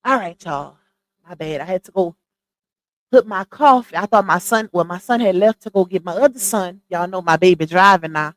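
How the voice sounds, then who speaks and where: A middle-aged woman, chatting casually with viewers on a live stream and giving her opinions in an animated, talkative way. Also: fairly low pitch, normal speed, poor audio. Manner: chatty, animated, addresses viewers as y'all and child. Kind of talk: casual chat commentary.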